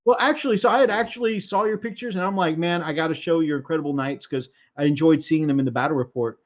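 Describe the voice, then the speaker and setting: Brief: high male voice, laughing co-host, muffled mic. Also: fast. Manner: laughing, reading chat comments. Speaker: livestream co-host. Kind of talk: casual chat.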